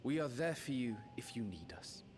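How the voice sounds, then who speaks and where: A man's voice: mid-range voice, big pitch swings, moderate pace, lightly acted. A man voicing a loyal, earnest male guard commander who speaks fervently, in a game cutscene with music behind. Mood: urging. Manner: earnest, fervent, sometimes dropping to a hush.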